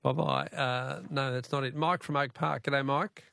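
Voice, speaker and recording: A man's voice: mid-range voice, fairly even intonation, unhurried, gravelly, pushed and bright, dry recording. A man with an Australian accent hosting a radio call-in quiz, jovial and bantering, laughing often with callers.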